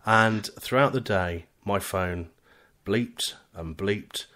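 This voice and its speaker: A man's voice: lowish voice, slow pace. A British man hosting a live podcast, full of cheeky banter. He reads out listeners' chat messages and teases his co-host in a loose, joking way. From United Kingdom. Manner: lively, teasing banter reading out chat messages.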